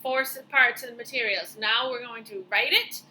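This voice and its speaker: A woman teaching a lesson to young children, speaking slowly and clearly as she encourages them to spell and clap out words. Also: a little high, sharp tone, slight background noise, poor audio.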